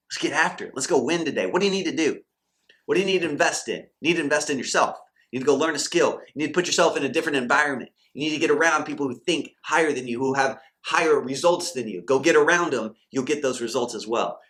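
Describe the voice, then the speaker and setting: A man's voice: medium pitch, fast, a bit bright. Fired-up preachy man. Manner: acts out quoted doubters and believers. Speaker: Christian coach and channel host. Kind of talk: motivational faith talk to camera.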